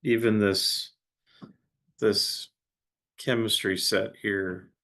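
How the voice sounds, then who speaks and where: Low gravelly guy, talks real slow, hesitant, playing a tabletop game. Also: steady tone, a bit bright. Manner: hesitant, halting. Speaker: player. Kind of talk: tabletop role-play.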